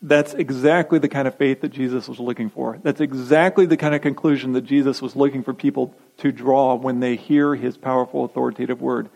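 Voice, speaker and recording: A man's voice: medium pitch, fairly even intonation, fairly quick, vocal fry, hardly any pauses, a little mellow, poor audio. A man preaching a sermon, emphatic and repetitive, posing rhetorical questions to his congregation. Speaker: pastor.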